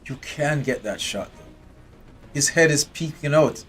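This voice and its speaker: A man's voice: a little high, expressive, a little slow, a bit bright, soft background music. Chatty man streaming a game. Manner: chatty, talks to his game characters. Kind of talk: live gameplay commentary.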